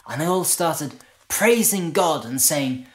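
Taking it slowly, a man with a fairly high, expressive voice performs a reflective monologue as a humble shepherd. He remembers a night by the fire in a halting, conversational, awestruck manner.

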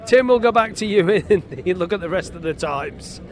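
A man's voice: sits high, expressive, moderate pace, background noise. A man reporting from the paddock at a motorcycle race, interviewing riders in a chatty, jokey way. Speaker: trackside motorcycle racing reporter.

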